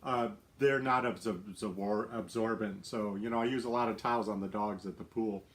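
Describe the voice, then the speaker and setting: A man's voice: fairly low pitch, fairly even intonation, moderate pace. Chatty, giggly man hosting a live stream from home. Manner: chatty, upbeat, giggly, lots of fillers. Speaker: lifestyle livestream host. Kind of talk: casual live-stream chat.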